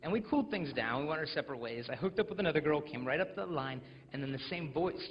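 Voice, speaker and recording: A man's voice: fairly high pitch, fast talker, slight background noise. Joking young man in a reverberant hall. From United States. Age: 20s. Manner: jokey, animated storytelling with acted quotes. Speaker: chastity speaker. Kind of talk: humorous motivational talk to teens. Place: large school hall with audience. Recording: lo-fi recording with long hall reverb.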